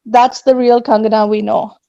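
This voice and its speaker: A woman speaking earnestly and with emotion at an online rally, pausing as she is moved. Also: a little high, level tone, creaky, mellow, dry recording. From Australia. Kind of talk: emotional public statement. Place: home at night. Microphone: video call. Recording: muffled video-call audio.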